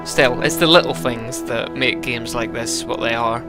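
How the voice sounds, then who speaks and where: A man's voice: medium pitch, steady tone, moderate pace, over music. A man giving casual, rambling commentary over a story game, tipsy and chatty. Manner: chatty, rambling, laughs between lines. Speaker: gameplay commentator.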